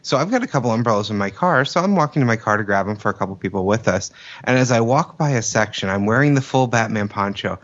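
A man's voice: fairly low pitch, lively intonation, fast talker, highs cut off. A man co-hosting a podcast, telling stories about himself with self-mocking humor. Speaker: podcast co-host. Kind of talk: casual chat.

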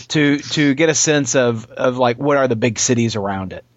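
A man telling an anecdote and chatting with friends, animated and halting, with many restarts, over dry, slightly dull audio. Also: mid-range voice, dry recording. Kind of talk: casual storytelling and chat.

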